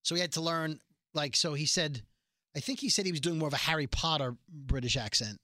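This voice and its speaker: Bright-voiced New York man, chatty. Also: fairly high pitch, no room sound, studio quality. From New York City. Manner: animated, mimics people in quick asides. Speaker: podcast co-host. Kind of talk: casual chat.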